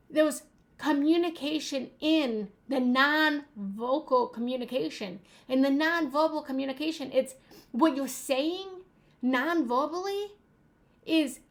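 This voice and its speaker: A young woman speaks as a relationship coach, earnest and emphatic, often circling back to repeat a phrase. Her voice sits fairly high. She takes her time, with slow, unhurried phrasing that lets each line land. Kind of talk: motivational talk to an audience.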